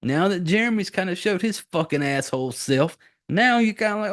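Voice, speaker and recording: A man's voice: sits high, lively intonation, brisk, fairly bright tone. A man in his forties, a podcast host, giving a rambling, profane casual recap of a movie.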